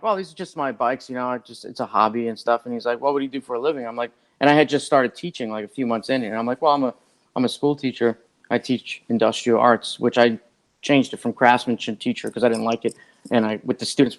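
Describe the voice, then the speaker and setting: A man who is a podcast guest, telling a long story in a rambling, animated way and acting out what other people said. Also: mid-range voice. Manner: rambling and animated, acts out others' lines, many "like" fillers. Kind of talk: casual storytelling.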